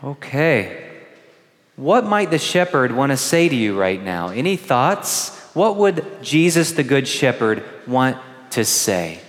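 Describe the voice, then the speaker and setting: A man preaching a gentle homily to first communicants, asking the children questions. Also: mid-range voice, sing-song, takes it slowly. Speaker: priest. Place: large church. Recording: long church reverb.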